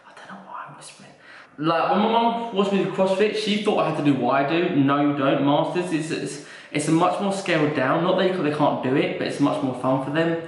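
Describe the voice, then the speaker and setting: A young vlogger and fitness coach answers viewers' questions in a casual, joking video, his voice a little high and fairly quick. He's chatty and swears casually, and the room he's in is very echoey.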